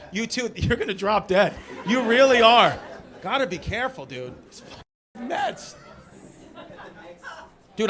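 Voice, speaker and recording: Teasing New York comedian over a roaring crowd. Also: male voice, sits high. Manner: loose, teasing, quick jabs at the crowd. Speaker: stand-up comedian. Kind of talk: stand-up crowd work. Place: comedy club stage with a live audience. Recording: loud laughing crowd in a club.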